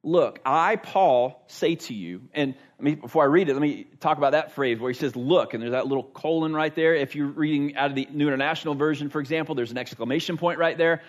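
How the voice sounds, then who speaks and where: A man's voice: on the high side, steady tone, quick pace, hardly any pauses. A man preaching a Sunday sermon in a church, earnest and emphatic, repeating words for stress. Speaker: pastor. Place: church sanctuary.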